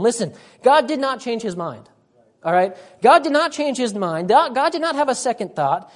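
A woman preaches a sermon in a fairly high voice, leaning hard on her points. She repeats lines for weight and keeps calling the congregation to listen. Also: big pitch swings, normal speed.

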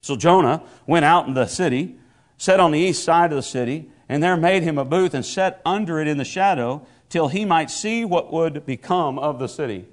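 A man's voice: a little high, normal speed. A man preaching a sermon, stumbling over repeated words and rising into emphatic proclamations. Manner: stammering restarts, builds to emphatic proclamations.

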